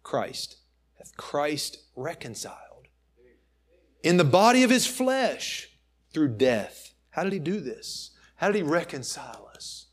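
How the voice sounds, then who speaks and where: A man preaching a sermon, emphatic, swinging between raised and hushed phrases and slowing to stress key words. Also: on the high side, sing-song, husky. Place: church.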